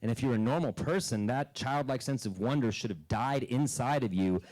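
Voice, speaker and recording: A man's voice: medium pitch, normal speed, rough recording. Man telling stand-up stories onstage. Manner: deadpan storytelling with sudden loud character bits. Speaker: stand-up comedian. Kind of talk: stand-up comedy set. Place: comedy club stage with a live audience.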